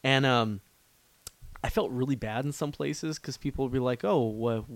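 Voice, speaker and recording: A young man from Canada talks loosely with friends, his voice sitting at an ordinary middle pitch. He wanders through his points, stopping and restarting, full of fillers. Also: normal speed, dry recording. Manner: rambling, with many restarts and fillers. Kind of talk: casual chat.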